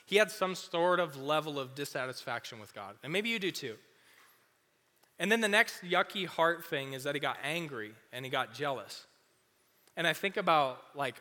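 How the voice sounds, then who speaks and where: A young man giving a casual youth sermon as a youth pastor, chatty and full of "like", acting out quick little voices. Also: a little high, bright, forceful tone. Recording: long hall reverb.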